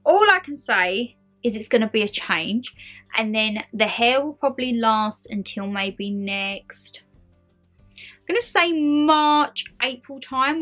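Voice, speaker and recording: A woman's voice: a little high, fairly bright tone. A woman chatting her way through a shopping haul in a bubbly, rambling, gushing manner. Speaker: lifestyle vlogger showing a shopping haul.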